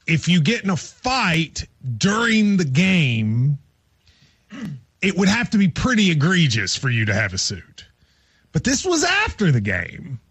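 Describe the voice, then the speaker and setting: Husky man co-hosting sports radio. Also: on the high side, wildly swooping pitch, unhurried, a bit bright, no room sound. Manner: explains at length, joking asides. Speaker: radio co-host and law teacher. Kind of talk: casual sports radio chat.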